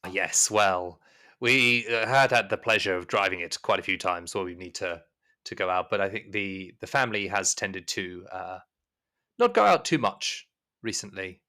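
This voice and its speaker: A man's voice: sits low, moderate pace, pushed and bright. A man voicing an older male house servant who speaks courteously and hesitantly.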